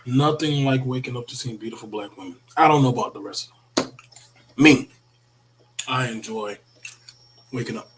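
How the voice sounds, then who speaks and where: A man chatting casually to his viewers as a reaction video host, rambling and repeating words, his voice worn from yelling. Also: mid-range voice, moderate pace, long pauses, noisy background. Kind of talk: casual morning livestream chat.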